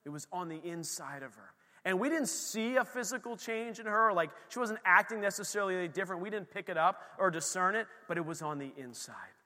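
A middle-aged male pastor preaching in a bright, forceful voice that rings out with long reverb in a large church hall. He swings from emphatic declarations to quiet, hushed storytelling, with his voice sitting a bit high for a man. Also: expressive, brisk. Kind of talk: sermon.

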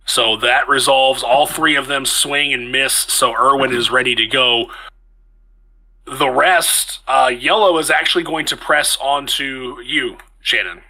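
A man runs a tabletop game, narrating each swing and dodge in a loose, lively way. His voice is very bright and sits in a middle pitch, and he talks close to the mic. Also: a little slow, rough recording. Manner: lively, conversational narration with frequent restarts. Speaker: game master.

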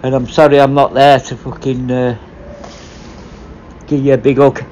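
A former prison officer talking bluntly in a casual, sweary monologue. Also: male voice, mid-range voice, little pitch movement, normal speed, a little mellow, a little hiss or hum, poor audio.

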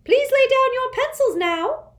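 A woman doing a shrill, stern test administrator. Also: expressive, a little slow. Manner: sharp, commanding, clipped announcements.

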